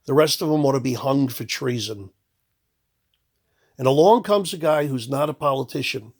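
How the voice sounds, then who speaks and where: A man's voice: medium pitch, normal speed. A man delivering a blunt, contemptuous political rant full of sarcasm. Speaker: political commentator. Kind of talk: ranting monologue.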